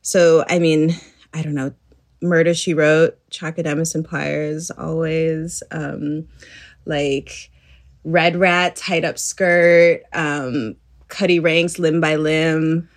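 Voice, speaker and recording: A woman's voice: deep voice, slow. A young adult woman chatting as an interview guest, bubbly and giggly as she tells stories. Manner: bubbly, giggly, lively storytelling. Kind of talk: casual interview chat.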